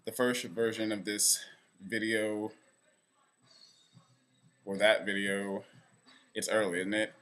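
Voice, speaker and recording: Young male vlogger, lowish voice, rambling and self-mocking, talking straight to camera. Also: level tone, slow pace, pauses often, a bit bright. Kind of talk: casual direct-to-camera vlog. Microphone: camera facing speaker.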